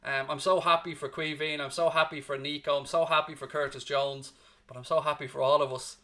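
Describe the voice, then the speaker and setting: A man's voice: a little high, level tone, brisk, pushed and bright. A male fan channel host on a live post-match stream, reading out chat comments in an emotional, blunt way that wanders onto tangents, and exhausted.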